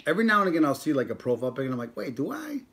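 A man's voice: medium pitch, lively intonation, racing, fairly bright tone. Young guy on a livestream, jokey banter with his chat, calling out names. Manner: joking, banters with chat, reads out viewer names. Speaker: mukbang vlogger on a livestream. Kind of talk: casual live-stream chat with viewers.

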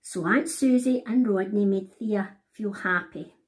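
A woman author reading her picture book aloud to children, animated and talking to them directly. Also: medium pitch, unhurried. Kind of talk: storybook read-aloud for children.

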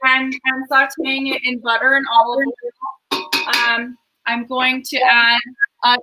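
A woman's voice: high-pitched, little pitch movement, unhurried, over music, rough recording. A woman hosting a home cooking show from her kitchen, chatting in a rambling, enthusiastic way about the food as she cooks. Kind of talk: casual cooking chat.

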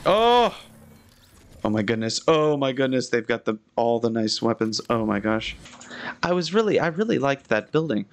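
Young guy doing casual live game commentary, mid pitch, rambly and excitable, yelps when startled. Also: fairly quick. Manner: chatty and excitable, with frequent restarts and sudden high exclamations. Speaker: architecture critic playing a video game.

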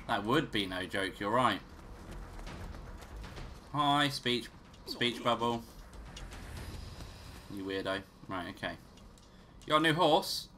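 Bright-voiced man joking through a game. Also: mid-range voice, animated, unhurried, long pauses, slight background noise. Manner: casual, swearing, joking to himself. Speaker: gaming channel host. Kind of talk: let's play commentary.

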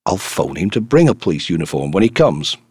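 Man doing a hearty, rough-kind Canadian farmer. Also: low voice, big pitch swings, a little fast, darkish tone, no room sound, studio quality, exaggerated voice. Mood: jovial. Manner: boisterous, eager.

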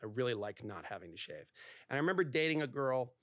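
A middle-aged man, a divorce lawyer and podcast guest, telling stories in a conversational interview. He talks in quick bursts with lots of fillers and acts out bits of dialogue. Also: mid-range voice, sing-song, fairly bright tone, no echo, studio quality.

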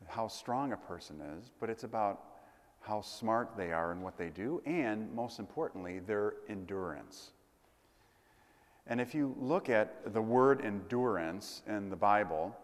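Casting note: male pastor, low voice, chatty sermon with digressions, recorded in a church with long reverb. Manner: conversational, digressive with asides and humor.

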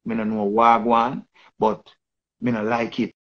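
A man's voice: on the low side, monotone, measured pace, muffled recording. A man with a Jamaican accent giving rambling casual commentary in patois, often repeating and restarting his phrases. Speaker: online commentator.

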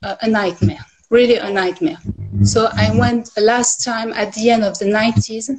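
A woman's voice: a little high, steady tone, moderate pace, rough recording. A woman with a French accent talks as a livestream guest. Her English is hesitant, and she often searches for words before she finds them. She laughs easily in between. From France. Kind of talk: casual livestream chat.

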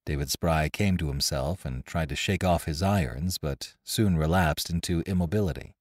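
A man narrating a classic adventure story in an expressive reading voice, close to the mic. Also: extremely low pitch, moderate pace, dry recording. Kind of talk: audiobook narration.

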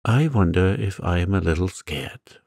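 A man voicing a brave, determined young girl in a storybook reading, in a steady, earnest way. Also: low-pitched, moderate pace, creaky, no echo, studio quality, exaggerated voice.

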